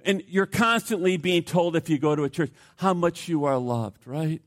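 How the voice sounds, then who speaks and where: Pastor guy giving a sermon, kinda high voice, lots of questions and repeating himself for emphasis. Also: moderate pace. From United States. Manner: emphatic, swings from loud to hushed.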